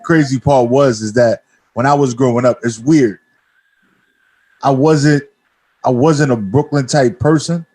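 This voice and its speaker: A man, a radio host from Spanish Harlem, chatting in relaxed, slangy street talk. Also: medium pitch, unhurried, long pauses. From Spanish Harlem, New York. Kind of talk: casual radio interview chat.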